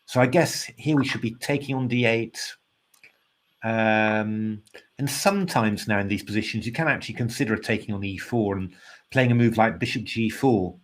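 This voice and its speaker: A tired man talking through chess moves in casual live commentary, thinking out loud with plenty of ums and restarts. His voice sits a little low, and he stays polite and self-deprecating. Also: normal speed. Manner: thinking aloud, hesitant with many fillers, polite and self-deprecating. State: tired, yawning.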